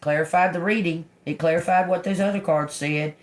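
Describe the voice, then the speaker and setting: An older woman giving a live-stream tarot reading in a slow, profane, confrontational manner. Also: on the low side, steady tone. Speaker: tarot reader.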